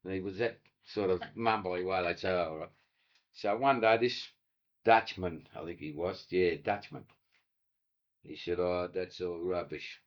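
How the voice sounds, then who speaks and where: A man's voice: low voice, measured pace, long pauses. An older Australian man telling oral history stories, acting out voices and swearing casually. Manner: yarn-spinning, acts out quoted voices, casual swearing. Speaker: interviewee, retired waterside worker. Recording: dull lo-fi archive tape.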